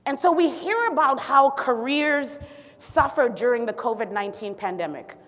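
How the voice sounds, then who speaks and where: A woman physician from Zimbabwe tells her story on stage and keeps dropping playful asides to the crowd. Her voice sits a little high. A long reverb trails each phrase through the large hall. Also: normal speed. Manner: sassy, animated asides to the audience. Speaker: physician and city health director speaking on stage. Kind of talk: storytelling public talk.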